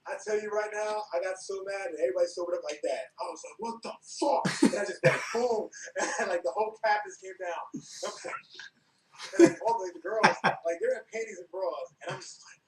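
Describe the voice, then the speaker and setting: A man from New York, a guest on a podcast, telling stories with laughter and acted-out quotes in a relaxed chat. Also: high voice, fairly quick, a little hiss or hum. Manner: animated, acts out quotes, laughs often. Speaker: podcast guest, former wrestler. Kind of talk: casual storytelling chat. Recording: roomy, from a distance.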